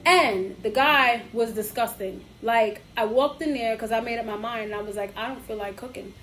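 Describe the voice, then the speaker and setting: A woman, co-hosting a podcast, telling a story in casual chat and acting out both sides of it, animated and profane. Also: a little high, moderate pace, a little hiss or hum, poor audio. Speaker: podcast co-host.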